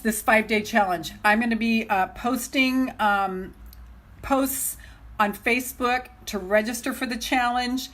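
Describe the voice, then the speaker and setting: Middle-aged woman, life coach, chatty live stream to followers, bubbly and keyed up, a bit high-voiced. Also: moderate pace. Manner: gushing, excitable, laughs often, talks straight to viewers. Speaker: self-love coach hosting a live stream.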